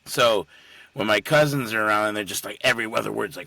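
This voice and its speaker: Gravelly man chatting casually. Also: on the low side, brisk, sharp tone, no echo. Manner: casual, swears freely. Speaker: podcast co-host. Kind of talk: casual chat.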